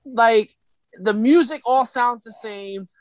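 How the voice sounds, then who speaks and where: A man's voice: extremely high pitch, slow pace. A man co-hosting a podcast in casual chat, giving opinions and picking his words carefully. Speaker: podcast co-host.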